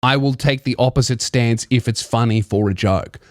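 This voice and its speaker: A man's voice: medium pitch, normal speed, no echo. A young man hosting a podcast, ranting in a sarcastic, mocking, profane comedic monologue into a close mic. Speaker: podcast host.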